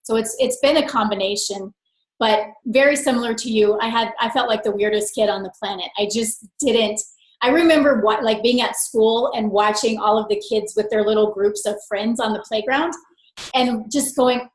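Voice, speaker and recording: A woman guest speaks in a fairly high voice, telling her stories with lively expression and frequent laughter. The recording carries a noticeable room echo. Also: fairly quick. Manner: lively, expressive storyteller who laughs often. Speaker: interview guest. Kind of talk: conversational interview.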